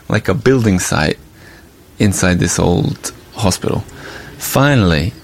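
A man's voice: fairly low pitch, creaky. A man hosting a podcast, telling a story in a casual, chatty way with asides and fillers. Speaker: podcast host and journalist.

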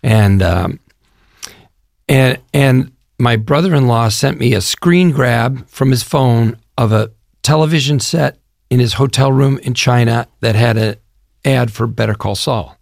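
Gravelly older man telling stories. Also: medium pitch, unhurried, dry recording, clean studio sound. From Chicago area, US Midwest. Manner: enthusiastic, rambling storyteller. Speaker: actor guest. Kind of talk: promotional interview.

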